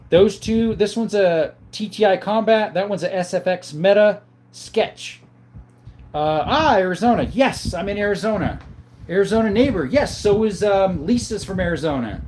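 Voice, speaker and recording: A man with a fairly high-pitched voice hosts a laid-back livestream from home. He reads out viewer names and chats back, easygoing and unhurried. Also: a little mellow, slight background noise. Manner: calls viewers brother. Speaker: livestream host answering viewer chat. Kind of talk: casual live chat. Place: home, in front of a counter.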